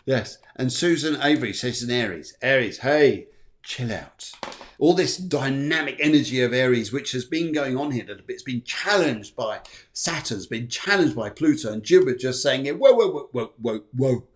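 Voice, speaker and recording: A man's voice: mid-range voice, lively intonation, fairly quick. A middle-aged man hosts a live astrology show. He talks casually, rambles, jokes and thanks his viewers. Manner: jokey, rambling, warm thanks to viewers, puts on silly voices. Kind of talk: chatty live-stream horoscope reading.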